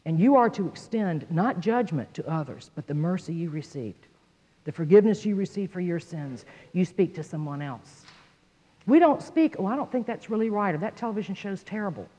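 A woman giving a Bible teaching, telling a personal story in an animated way and acting out the voices of the people in it. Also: on the low side, fairly quick. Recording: dull sound in a hall with long echo.

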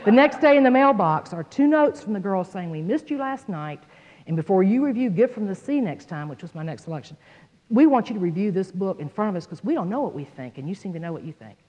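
A woman delivers a Bible teaching as an animated storyteller. Her pitch rises and falls freely as she acts out the voices of the people she quotes. The sound is dull, with a long reverb from a large hall. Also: fast talker. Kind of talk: sermon with personal story.

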